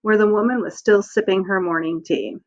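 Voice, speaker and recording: A woman reading a novel aloud as audiobook narration, calm and measured. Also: medium pitch, dull audio. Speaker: audiobook reader.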